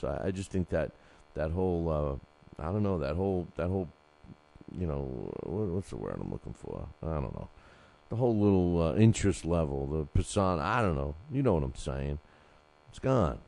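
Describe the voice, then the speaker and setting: A man with a low, dark, mellow voice hosts a solo boxing show. He rambles casually, stumbling through fillers and restarts while he reads out listener emails. His delivery stays loose and conversational. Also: vocal fry. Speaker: boxing podcast host.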